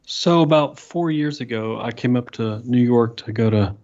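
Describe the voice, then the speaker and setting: A man's voice: medium pitch, moderate pace, a little mellow. Dry-humored man with a muffled sound. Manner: dry, blunt punchline delivery. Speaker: podcast co-host. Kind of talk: casual late-night podcast chat.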